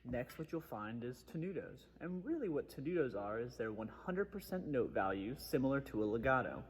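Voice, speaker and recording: A man's voice: medium pitch, big pitch swings, brisk, big-room sound. A man giving a methodical trombone lesson, explaining articulation step by step. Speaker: trombone teacher. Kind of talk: instructional music lesson.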